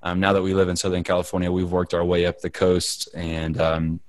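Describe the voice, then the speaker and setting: A man's voice: sits low, completely flat delivery, brisk, no room sound. A young adult man co-hosting a podcast, telling stories in a playful, rambling way. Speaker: podcast co-host. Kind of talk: casual podcast chat.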